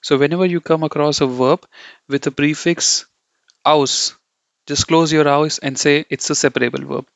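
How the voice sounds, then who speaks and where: A man's voice: a little high, steady tone, normal speed, vocal fry, no echo. A man teaching German from slides in a casual, rambling way, repeating himself and checking in with "okay?" and "you know". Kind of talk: casual slide-based lesson. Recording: dry, dull lo-fi sound.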